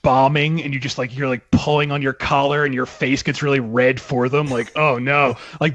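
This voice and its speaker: A man's voice: fairly high pitch, fairly bright tone, no room sound, muffled recording. A man co-hosting a casual podcast, chatty and laughing often, with lots of fillers. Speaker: podcast co-host.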